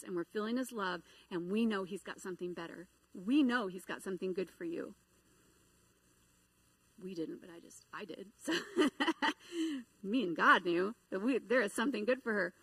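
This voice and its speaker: A middle-aged woman giving a sermon, telling a personal story in an animated way and acting out the voices she quotes. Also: mid-range voice, moderate pace, breathy edge, dry recording, poor audio. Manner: animated, acts out quoted voices and inner dialogue. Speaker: preacher.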